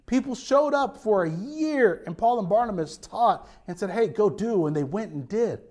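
Male pastor, high voice, lively sermon with restarts and asides. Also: normal speed. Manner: animated preaching with restarts and asides.

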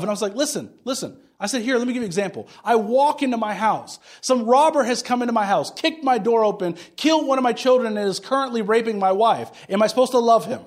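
A man's voice: very high voice, animated, quick pace, hardly any pauses. A man preaching a sermon, talking in a conversational way, telling stories and acting out both sides of a conversation. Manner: conversational preaching, tells stories and acts out dialogue. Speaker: pastor.

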